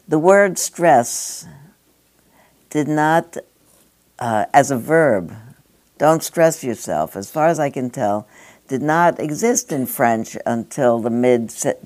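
An older woman with a strikingly deep voice speaks to a gathering. She muses and digresses, and often slips into chatty asides. The tone is reflective and unhurried. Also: mellow. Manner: rambling, digressive, with conversational asides. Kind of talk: reflective spoken address.

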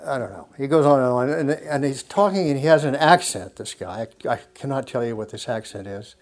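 A man telling a personal story to a group in a reflective, conversational way, often restarting his sentences and laughing softly. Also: mid-range voice, animated. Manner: halting and self-correcting, with frequent soft laughs; musing and conversational. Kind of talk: reflective spoken talk with anecdote.

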